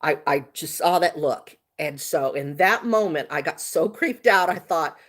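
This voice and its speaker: A woman telling a story on a casual livestream, animated and chatty, laughing often. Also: deep voice, a little slow. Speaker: vlogger.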